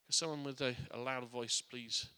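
Speaking earnestly from the pulpit, a man gives a sermon in a mid-range, very bright and forward voice that is steady and clean in tone at a normal speed. A long reverb rings around the church hall, and he keeps restarting and repeating words, sinking soft and quiet as he reflects.

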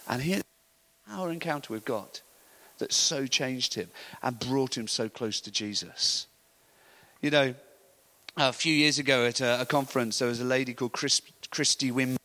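A middle-aged man preaching a sermon, telling animated stories and laughing often. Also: mid-range voice, moderate pace.

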